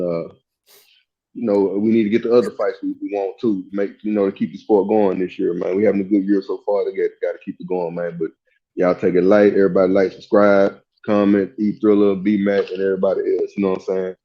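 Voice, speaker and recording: A man's voice: low-pitched, flat delivery, fast talker, highs cut off. A man on a podcast chatting loosely about an upcoming fight and signing off casually. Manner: laughing, trash-talking then easygoing. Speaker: podcast guest.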